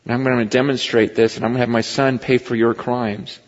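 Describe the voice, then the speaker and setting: A man's voice: medium pitch, level tone, brisk. Man preaching in a reverberant hall. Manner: conversational preaching, rising to impassioned emphasis. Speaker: pastor. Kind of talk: sermon. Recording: muffled recording with long hall reverb.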